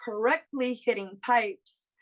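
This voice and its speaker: A woman in her thirties telling a lively personal story in casual chat, laughing often and acting out what her friends said. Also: a little high, slow. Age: 30s. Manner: animated, laughs often, acts out friends' lines. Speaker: guest.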